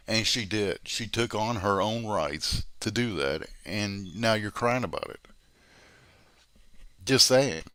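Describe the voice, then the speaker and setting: A man's voice: fairly low pitch, a bit bright, dry recording, clean studio sound. A man hosting a drama commentary stream, berating someone in a heated, profane rant.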